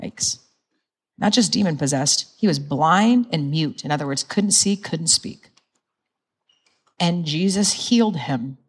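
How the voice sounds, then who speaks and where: A woman preaching in a chatty, animated style, with a voice that sits a little low. She laughs easily and slips into the voices of the people she quotes. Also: unhurried, husky. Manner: conversational, animated, laughs often, acts out quotes. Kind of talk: sermon.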